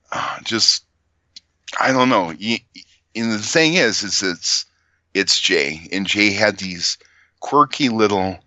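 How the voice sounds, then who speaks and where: A man, a podcast guest, telling a story casually in a halting way, with restarts and small nervous laughs. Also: low-pitched, pushed and bright, dry recording.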